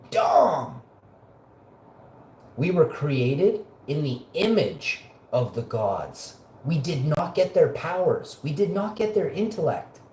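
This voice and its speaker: A man's voice: a little high, darkish tone. A man hosting a live show, ranting in a profane, combative and mocking way. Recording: roomy echo.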